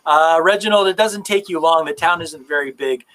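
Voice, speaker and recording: A male game master narrating a tabletop game in a loose, relaxed way, full of fillers. His voice is bright and a touch high, and he moves easily between questions to the players and description. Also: normal speed, low-quality recording.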